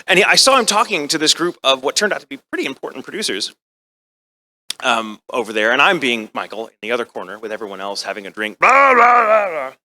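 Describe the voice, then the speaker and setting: Animated American man telling a story. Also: medium pitch, fast talker. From United States. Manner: animated, comic, acts out voices. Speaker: convention guest actor. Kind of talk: storytelling panel talk. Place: convention panel room.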